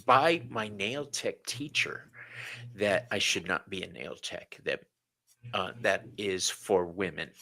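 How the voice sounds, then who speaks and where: A man hosting a casual chat, candid and quick to laugh, swearing casually as he talks. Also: deep voice, vocal fry, bright, forceful tone, slight background noise. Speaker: host.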